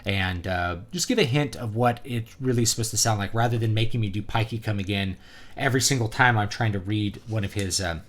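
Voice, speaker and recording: A man's voice: on the low side, fairly quick. A man giving a casual, opinionated product review, talking conversationally with plenty of fillers. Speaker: book reviewer and author.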